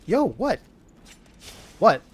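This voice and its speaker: A young man, streaming a video game in an animated, jokey way. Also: high-pitched, husky. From American South. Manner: animated, jokey, quick exclamations. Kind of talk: casual gaming commentary.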